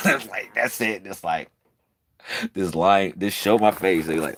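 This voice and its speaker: Low-voiced excitable man chatting to viewers. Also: slow. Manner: excitable, swings from loud to murmured; slangy, repeats himself. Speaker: video creator. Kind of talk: casual chat to viewers.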